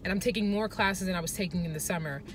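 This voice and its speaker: Sitting in her parked car, a young woman films a casual confessional vlog, talking earnestly and chattily with plenty of fillers. She speaks quickly in a fairly low voice, and there's slight background noise.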